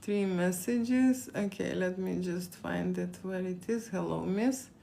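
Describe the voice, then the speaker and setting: Lithuanian lady on a livestream, kinda low voice, rambles w lots of fillers. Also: slow pace, creaky, warm tone, a little hiss or hum. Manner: rambling, repeats words, frequent fillers. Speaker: photographer answering live questions. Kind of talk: live-stream Q&A.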